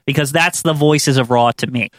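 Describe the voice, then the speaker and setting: A man's voice: mid-range voice, normal speed, fairly bright tone, dry recording, studio quality. A man co-hosting a podcast, agreeing loosely, full of fillers and restarts. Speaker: podcast co-host. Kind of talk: casual podcast chat.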